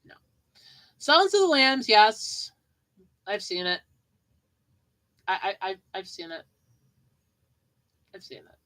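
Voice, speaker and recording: A woman with a medium-pitched, wildly swooping voice talks unhurriedly and pauses often, over poor audio. Hosting a podcast of casual storytelling and movie chat, she rambles about her childhood, repeats herself a lot, and laughs.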